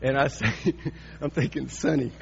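A man in his sixties preaching, telling a personal story with lively, halting restarts. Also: medium pitch, vocal fry, lo-fi sound, slight background noise. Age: 60s. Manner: animated storytelling with repeated restarts.

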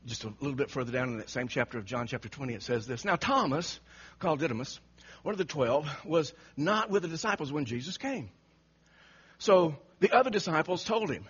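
Animated husky-voiced preacher man. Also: on the high side, quick pace. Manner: dramatic storytelling, acts out quotes, laughs often. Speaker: pastor. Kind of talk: animated sermon. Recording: muffled lo-fi recording.

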